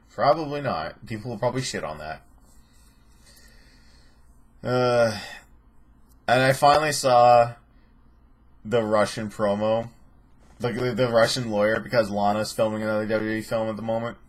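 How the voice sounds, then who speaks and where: Husky man ranting sarcastically. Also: medium pitch. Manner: rambling, profane and sarcastic. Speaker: host. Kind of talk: casual vlog commentary.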